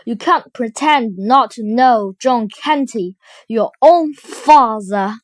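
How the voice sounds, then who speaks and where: A woman voicing a brutal, gruff grown man in a storybook, booming and scornful. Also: takes it slowly, no echo.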